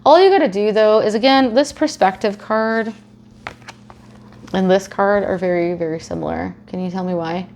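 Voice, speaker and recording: Woman, gravelly, casual tarot reading, chatty and profane, young adult. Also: mid-range voice, normal speed, a little mellow, a little hiss or hum. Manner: chatty, swears freely, acts out silly quoted scenarios. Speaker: tarot reader.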